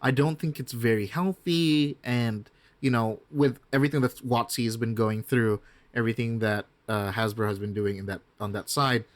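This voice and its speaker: A man's voice: mid-range voice, steady tone. A man talking as a guest game master in a casual podcast interview, chatty, with many restarts and asides. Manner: chatty, frequent restarts and asides, slips into quick impressions.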